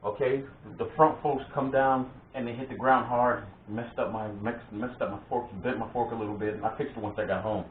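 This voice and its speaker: A man casually spinning childhood stories for his vlog, animated and quick to laugh, tripping over his words as he goes. The sound is thin and phone-like, with a roomy echo. There is a faint hiss behind him. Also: mid-range voice. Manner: animated, laughing, with frequent restarts. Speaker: vlog host. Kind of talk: casual storytelling of family memories. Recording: tinny phone-like sound in an echoey room.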